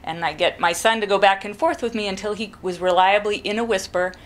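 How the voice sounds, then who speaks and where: A middle-aged woman, a parent, calmly explaining step by step how to teach a child to whisper. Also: medium pitch, a little fast. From New England. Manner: calm, practical, demonstrates whispering. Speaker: parent giving advice. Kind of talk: instructional talk to camera.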